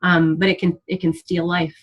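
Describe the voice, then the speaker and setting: Candid, husky-voiced woman coach. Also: on the low side, level tone, normal speed, dull audio. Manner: candid and emotional, with casual swearing. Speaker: fitness coach guest speaker. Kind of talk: motivational team call talk. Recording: call audio.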